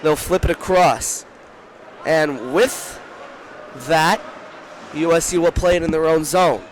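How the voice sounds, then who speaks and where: Calling live hockey from a rink's broadcast booth, a young man speaks rapidly in a voice on the high side. His delivery climbs to shouts on the rushes and is full of self-corrections, with a little hiss or hum on the recording.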